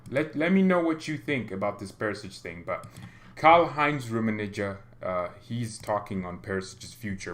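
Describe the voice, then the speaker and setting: A man's voice: fairly low pitch, a bit bright. A man hosting a football fan channel, chatting casually, joking and going off on tangents. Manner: chatty, joking, rambling with self-interruptions. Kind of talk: casual vlog commentary.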